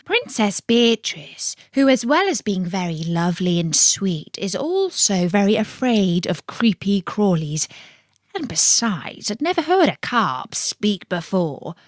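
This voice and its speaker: A woman reads a children's bedtime story in a slow, unhurried way. Her pitch rises and falls with lively expression, and the sound is dry and close. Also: dry recording. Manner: warm, playful, expressive reading.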